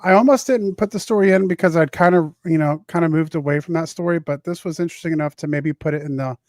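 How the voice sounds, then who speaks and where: Halting Southern man reading news. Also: fairly high pitch, a little mellow, no echo, clean studio sound. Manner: halting, many filler sounds and restarts while reading. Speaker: podcast host. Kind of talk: casual chat reading news stories.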